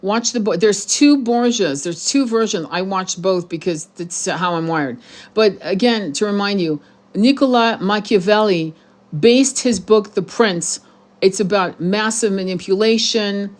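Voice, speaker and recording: Talking a little slowly in a mid-range voice, the host of a spiritual tarot channel addresses her viewers with blunt, heated language. Her profane monologue rambles, with many restarts.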